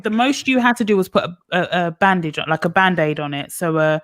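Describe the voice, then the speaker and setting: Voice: medium pitch, animated, fairly quick, a bit bright. A podcast host who argues points, asks pointed questions and tries to keep the group speaking one at a time. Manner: argumentative, moderating, questioning. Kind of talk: casual group chat.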